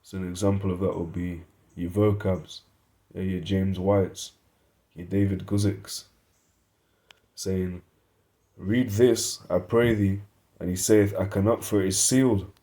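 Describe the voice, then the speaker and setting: A man's voice: deep voice, level tone, a little slow, long pauses, warm tone. A man giving an informal Bible study lesson, reading verses and word definitions aloud, thinking aloud and correcting himself as he goes. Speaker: Bible teacher.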